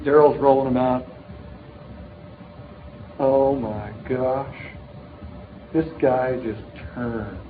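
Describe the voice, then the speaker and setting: A man's voice: mid-range voice, fairly even intonation, extremely slow, long pauses, echoey room, slight background noise. A middle-aged man giving an upbeat motivational talk to a live audience, telling joking stories in a punchy way. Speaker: sales leader speaking at a distributor meeting. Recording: tinny, narrow-band recording of a live talk.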